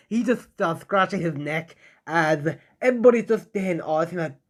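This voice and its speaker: A young man improvising a fan story out loud, rambling, with many fillers and self-corrections. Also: a little high, a little slow. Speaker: fan-fiction narrator.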